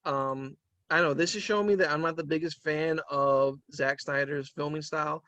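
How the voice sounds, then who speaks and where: A man co-hosting a casual movie review chat, animated, trailing off with fillers and laughing often. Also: a little high, moderate pace, no echo, dull audio. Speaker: podcast co-host.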